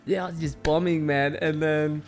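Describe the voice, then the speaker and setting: Animated Australian man telling stories. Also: on the high side, normal speed, over loud music. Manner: acts out voices in anecdotes, loud exclamations. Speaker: stand-up comedian, guest. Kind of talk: animated storytelling in casual chat.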